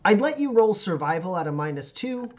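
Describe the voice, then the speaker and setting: A man's voice: high-pitched, sing-song. Chatty man running a tabletop game. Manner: halting, lots of fillers and laughs. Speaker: game master.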